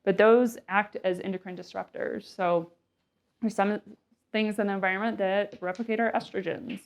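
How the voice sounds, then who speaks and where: A woman's voice: mid-range voice, fairly even intonation, moderate pace. Chatty woman giving a casual health talk. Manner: chatty, many fillers and asides, acts out quotes.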